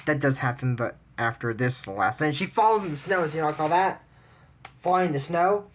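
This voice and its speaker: A woman with a somewhat low voice talks through a cartoon episode in loose, casual commentary. She rambles and restarts her sentences, passing judgment on what the characters do. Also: animated, fairly quick, slight background noise.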